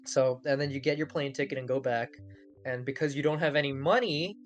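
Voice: mid-range voice, brisk, soft background music. A podcast co-host in a casual chat, rambling and profane, often breaking into laughter.

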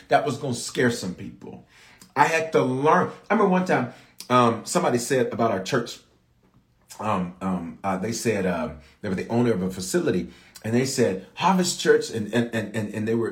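A man's voice: mid-range voice, roomy sound. A man preaching a sermon as bishop, calling out to his congregation for response. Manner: animated, calls out to the congregation for response.

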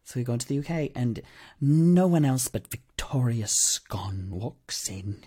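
A man co-hosting a podcast from a remote call, chatting casually and playfully with jumps in pitch. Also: measured pace, husky. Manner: animated, jokey, swings up in pitch. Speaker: podcast co-host. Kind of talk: casual chat.

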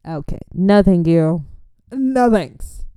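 A young woman from an immigrant family, talking in a chatty, animated way as she gives faith-based life advice and laughs often. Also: fairly low pitch, takes it slowly, clear, resonant tone, dry recording, studio quality. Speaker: Christian vlogger. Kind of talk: casual advice talk.

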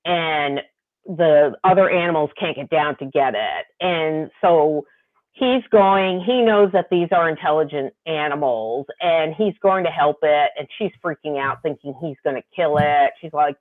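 A woman co-hosting a casual book discussion podcast, animated, laughing often and reading quotes aloud. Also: low voice, measured pace. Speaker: podcast co-host. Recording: tinny phone-like line.

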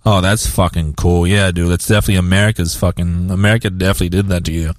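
A man's voice: deep voice, fairly even intonation, fast talker, dry recording, clean studio sound. A man on a casual podcast chat, ranting in a crude, heavily profane way.

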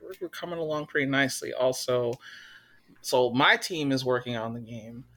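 A man's voice: mid-range voice, normal speed, fairly bright tone. A man co-hosting a casual podcast, easygoing and teasing. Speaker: podcast co-host.

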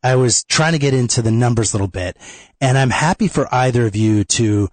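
A man with a mid-range, slightly mellow voice talks a little fast, with no echo. Hosting a radio talk show while a bit congested from a cold, he speaks plainly and conversationally, repeating phone numbers.

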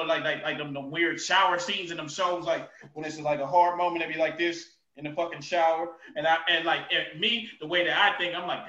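A man co-hosting a casual podcast, ranting loudly and profanely, with shouted outbursts and laughter. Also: high voice. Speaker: podcast co-host. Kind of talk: casual chat. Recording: roomy, distant, dull sound.

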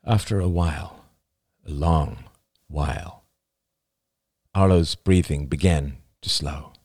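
A man narrating an audiobook chapter in an expressive, dramatic reading style. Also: rumbling low, slow, breathy edge, no room sound, clean studio sound. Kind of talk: scripted narration.

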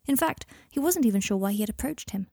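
A woman narrating a story in a calm audiobook reading, with a breathy voice. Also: mid-range voice, fast talker, no echo, clean studio sound.

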